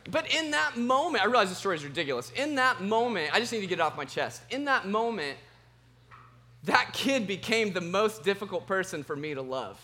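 A man preaching a sermon as pastor, telling a personal story in an animated, self-mocking way. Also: high-pitched, fairly quick.

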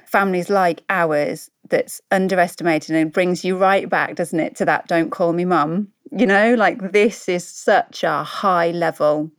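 A woman's voice: lowish voice, fairly even intonation, a little slow, few pauses, clean tone, no echo, clean studio sound. A woman co-hosting a podcast, sniffling with a stuffy nose as she rambles and reflects, with self-deprecating remarks. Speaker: podcast co-host. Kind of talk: reflective interview talk.

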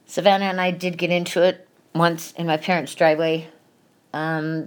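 Fairly low-voiced and talking a little fast, a middle-aged woman who hosts a podcast opens up about a painful family story. The monologue is confessional, emotional and candid, and she swears freely.

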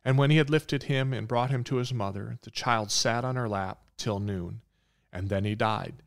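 A man's voice: medium pitch, normal speed, creaky. A man preaching a sermon, retelling a Bible story in an earnest, repetitive way.

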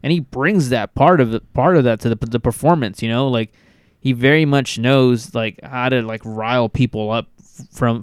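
A man with a smooth, clear voice of middle pitch, talking about music with enthusiasm. He often stops and restarts his phrases. The recording is dry. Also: dry recording. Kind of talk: casual music discussion.

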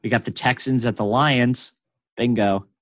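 A man's voice: medium pitch, a little slow, no echo. Playful young man chatting casually. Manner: excitable, playful, lots of fillers. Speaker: podcast co-host. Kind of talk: casual sports chat.

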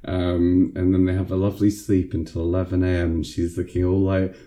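A man's voice: low voice, completely flat delivery, a little fast, warm tone. A man casually recapping a film, rambling with lots of fillers.

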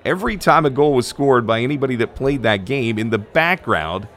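A man, once a stadium broadcaster and PA announcer, telling a casual, animated story in a conversational way. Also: medium pitch, brisk.

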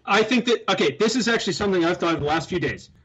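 A man's voice: high voice, expressive, racing, fairly bright tone, highs cut off. A man co-hosting a political talk show who lays out a long, emphatic argument. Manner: emphatic, building an argument at length. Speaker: co-host.

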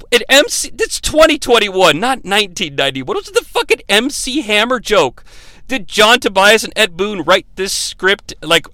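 A man's voice: sits high, sharp tone, smooth, dry recording. A man hosting a comedic movie review, recapping the plot with sarcastic, profane asides.

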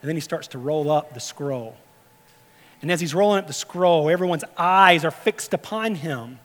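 A male pastor preaching a sermon, animated, swinging between loud emphasis and hushed, quiet storytelling. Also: on the high side, normal speed. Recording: long hall reverb.

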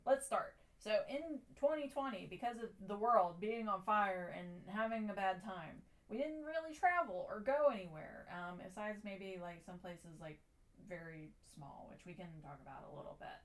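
A woman co-hosting a podcast in casual chat, relaxed and full of "like" fillers, steering the talk along. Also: mid-range voice, moderate pace. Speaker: podcast co-host.

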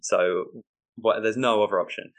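A man with a fairly low voice tells a comic story from his stand-up life. He is animated, slips into other people's voices and laughs often. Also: moderate pace. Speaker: stand-up comedian guest. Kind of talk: casual storytelling.

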